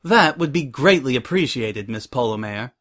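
A man's voice: medium pitch, animated, normal speed, fairly bright tone, close to an everyday voice. Male reader playing a worn-out, refined mare boss, polite and tired. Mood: weary polite. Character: weary refined female pony fashion boss.

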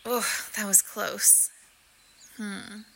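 Slow, husky whispered role-play woman. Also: medium pitch, flat delivery, slight background noise. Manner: sultry, murmuring, many soft hums. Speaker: audio role-play performer.

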